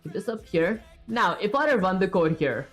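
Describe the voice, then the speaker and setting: A woman with an expressive, brisk, mid-range voice codes on a livestream and talks casually with her audience. Rambling and chatty, she reaches for words with fillers and talks herself through her thinking. Faint music plays behind her on a webcam streaming setup.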